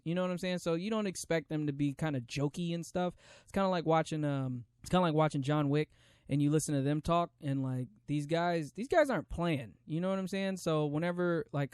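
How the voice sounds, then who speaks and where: A man's voice: on the high side, darkish tone, clean tone, dry recording, studio quality. A man hosting a solo podcast, rambling through a casual movie review with many fillers and restarts. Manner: rambling, filler-heavy, lots of "you know what I'm saying". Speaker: podcast host.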